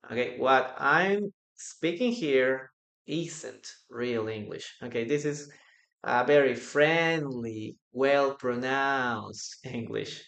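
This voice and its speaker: A man teaching English in a live online class, slowly repeating example sentences and stressing them to drill the correct pattern. He is a native Spanish speaker. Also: medium pitch, gravelly, fairly bright tone, echoey room. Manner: slow, repeats example sentences with raised emphasis.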